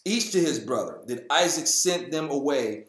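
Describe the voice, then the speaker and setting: A man reads scripture in a relaxed, joking way and slips into silly voices for the people in the story. His voice is a little high and swings all over the place in pitch. The sound has a roomy echo. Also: normal speed. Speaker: host. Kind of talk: casual Bible reading with comic asides.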